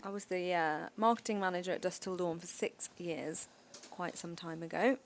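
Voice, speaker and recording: A woman's voice: lowish voice, moderate pace, slight background noise. A woman commentating on poker, joking and bantering casually. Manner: playful, jokey, laughs often.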